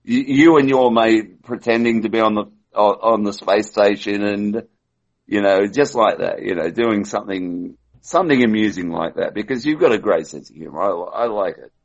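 A man with a fairly low voice comes through dull, lo-fi call audio. He rambles earnestly and repeats his words as he tries to get his point across. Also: normal speed. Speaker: caller. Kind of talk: casual chat on a call.

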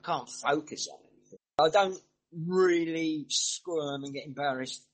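A man's voice: on the high side, a little slow, low-quality recording. A middle-aged man from the English Midlands with a mixed English accent, chatting casually and rambling through stories full of asides. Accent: mixed northern and southern English. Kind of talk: casual chat.

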